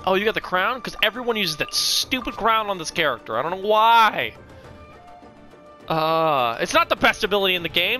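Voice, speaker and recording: Wildly excitable, hoarse gamer voice. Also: medium pitch, normal speed, faint music behind. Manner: shouts, taunts the opponent, bursts of laughter. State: hoarse from shouting. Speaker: gaming video creator. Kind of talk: excitable card game commentary.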